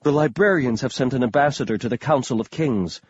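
A man voicing a soft-spoken, courteous male scholar who talks hesitantly. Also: medium pitch, fairly quick, husky, dry recording, highs cut off, close to an everyday voice. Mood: earnest.

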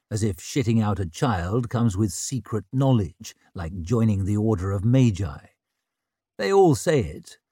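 A man narrating an audiobook with a slow, unhurried delivery and a mid-range voice. He reads steadily into a close studio mic. The recording is dry, with no room sound at all. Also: mid-range voice, a little mellow, no room sound.

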